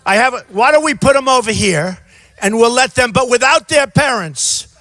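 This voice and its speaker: A man in his sixties giving an off-the-cuff campaign rally speech outdoors, rambling and repetitive, often shouting to a crowd. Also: very high voice, animated, normal speed, dry recording. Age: 60s. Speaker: presidential candidate.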